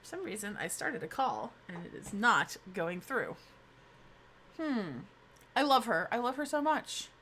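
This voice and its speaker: A woman's voice: mid-range voice, sing-song, measured pace, a bit bright, slight background noise. A young woman chatting casually on her live stream, bubbly and self-mocking.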